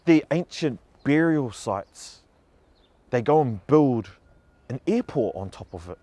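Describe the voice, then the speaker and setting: A man's voice: medium pitch, animated, slow pace, warm tone, no echo. A man giving an emotional personal testimony, earnest and heartfelt, growing passionate. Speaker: speaker telling a story.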